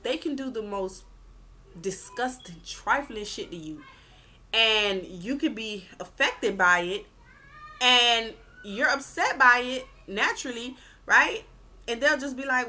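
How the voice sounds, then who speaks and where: Woman vlogger, blunt emphatic advice rant, bright edgy tone, swears freely. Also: on the high side, unhurried. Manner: blunt and emphatic, swears, repeats points for stress; animated, acts out quoted people. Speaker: vlogger giving relationship advice. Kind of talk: casual advice rant to camera.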